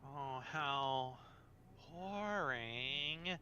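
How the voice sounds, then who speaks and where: A man voicing a sultry, scheming female spirit dealer on the phone, teasing and coaxing in a low, slow voice. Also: animated, sharp tone, highs cut off, a little hiss or hum, full character voice.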